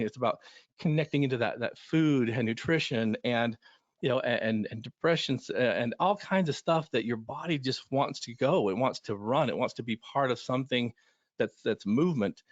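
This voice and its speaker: Speaking at medium pitch with no echo, this middle-aged recovery coach for runners shares stories during a panel discussion. He's sincere but meandering, restarting often, and the audio is somewhat dull and lo-fi.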